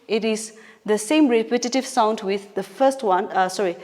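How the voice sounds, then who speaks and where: A woman's voice: mid-range voice, moderate pace, darkish tone. A woman teaching an English poetry lesson, explaining patiently step by step with fillers and small self-corrections. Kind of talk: recorded classroom lesson. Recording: long hall reverb.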